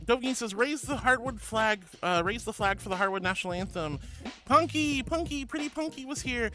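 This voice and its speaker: A gushing, affectionate woman streamer greets her chat one by one. Her voice is high and bright. Soft music plays faintly underneath. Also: lively intonation, a little fast. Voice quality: bubbly, gushing and affectionate, calls people honey and sweetie. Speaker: VTuber streamer. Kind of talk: casual chat with viewers.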